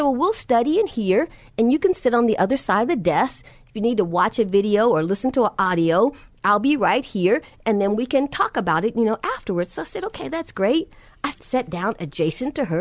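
Lively dry-voiced woman preacher. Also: dry recording. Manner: storytelling, acts out both sides of dialogue, drops soft and low for reverent moments. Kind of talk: sermon with personal testimony.

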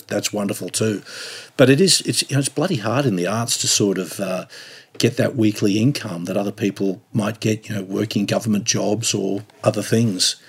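Husky Australian man, animated storyteller. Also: fairly low pitch. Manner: animated storyteller, repeats words. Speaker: podcast guest. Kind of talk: casual chat.

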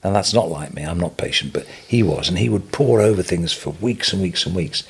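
An older English man, a retail businessman, telling stories as a guest on an interview podcast, animated and chuckling as he goes. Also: sits low, brisk, breathy edge. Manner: animated anecdotal storytelling, chuckling. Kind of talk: storytelling interview.

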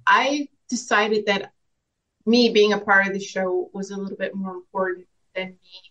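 A woman's voice: medium pitch, steady tone, normal speed, a bit bright, lo-fi sound. A young adult woman, an actress guest, talking casually and earnestly in an interview, reflective, with frequent restarts and laughs.

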